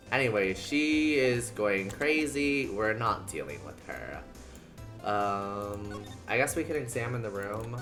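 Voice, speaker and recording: A streamer giving casual commentary while playing a game, chatty and joking in reaction to the story. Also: medium pitch.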